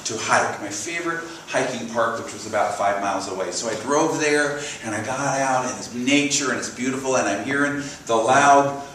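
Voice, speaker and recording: A man giving a sermon in a church, telling animated personal stories and leading the congregation in repeated affirmations. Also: medium pitch, normal speed, few pauses, a little hiss or hum. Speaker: minister. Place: church sanctuary. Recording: echoey hall from far off.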